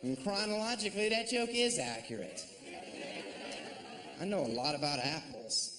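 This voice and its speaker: A man doing a sardonic, mocking stand-up comedy set on stage, slipping into shrill put-on voices. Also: normal speed, crowd noise. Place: comedy stage before a live audience. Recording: live stage recording with audience noise.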